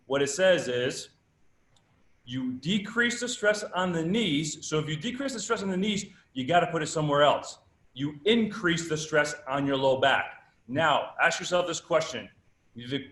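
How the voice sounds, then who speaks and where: A man's voice: fairly high pitch, a bit bright, echoey room. A man giving a live workshop lecture at a fitness conference, emphatic and teaching with rhetorical questions.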